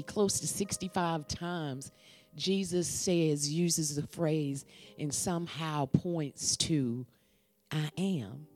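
A woman preaching a sermon, swinging between loud calls to the congregation and hushed whispered storytelling. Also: low voice.

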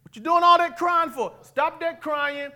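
A man's voice: very high voice, unhurried, sharp tone, pitched above the performer's own voice, heavily acted. A man putting on a scolding wife. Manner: scolding, nagging. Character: scolding wife, a woman fed up with tears.

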